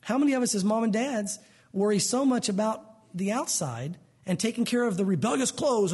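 A pastor delivers a conversational sermon, slipping into quoted voices along the way. His voice sits fairly high for a man and moves fast. The tone is husky. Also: animated, darkish tone.

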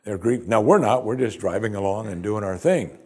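A man's voice: on the low side, lively intonation, fairly quick, darkish tone, slightly rough. A male pastor preaching a sermon in a conversational, expository way, with emphatic rises.

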